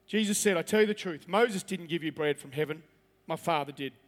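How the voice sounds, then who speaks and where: A man's voice: fairly high pitch, a little fast, in a large hall. A man preaching a sermon as pastor, reading scripture aloud and then pressing his points with rising emphasis.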